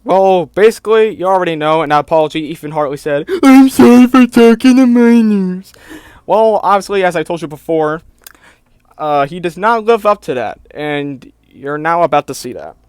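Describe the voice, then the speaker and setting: A man with a high voice delivers an exasperated commentary rant, packed with "like" and "bro". The sound is dry and close, with no room echo. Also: lively intonation, a little fast, clean tone. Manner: exasperated, fills talk with "like" and "bro". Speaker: YouTube commentator.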